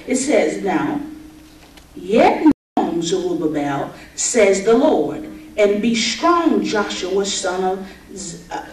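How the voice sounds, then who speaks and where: A woman pastor preaching a sermon at a women's conference, reading scripture slowly and then building to fervent, shouted declarations with bursts of laughter. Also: medium pitch. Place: large conference hall. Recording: echoey hall, preacher from far off, audience noise. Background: responsive audience.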